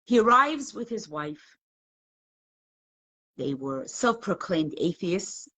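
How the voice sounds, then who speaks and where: A woman teaching a live class, telling a story with animation and a chatty, conversational ease. Her pitch sits in the middle range. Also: takes it slowly. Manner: animated, conversational, acts out quotes.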